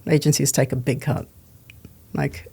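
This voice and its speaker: A woman hosting an interview in a relaxed, chatty way, asking short questions and laughing easily. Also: extremely low pitch, a little slow, vocal fry, slightly rough. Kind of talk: casual chat.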